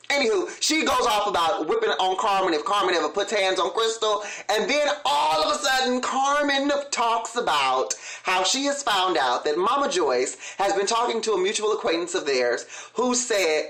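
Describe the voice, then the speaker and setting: High, bright-voiced sassy male vlogger. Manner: frank, opinionated, sassy. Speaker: vlog host recapping a TV show. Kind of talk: casual commentary.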